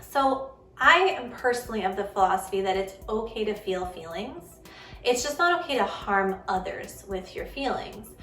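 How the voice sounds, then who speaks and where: A woman's voice: medium pitch, lively intonation, moderate pace, a bit bright, recorded from a distance. A woman in her thirties hosting a parenting show, talking earnestly and conversationally about handling kids' feelings. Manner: earnest, conversational, acts out quoted kids and parents. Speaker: parenting vlog host. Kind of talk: casual advice talk to camera. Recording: echoey room, slightly off-mic, faint music.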